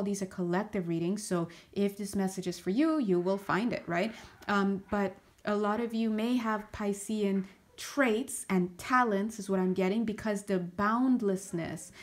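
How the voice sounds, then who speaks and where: A woman's voice: mid-range voice, lively intonation, normal speed. A woman doing a casual spiritual reading to camera, out of breath, chatty and searching for words with frequent restarts. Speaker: astrology and tarot reader.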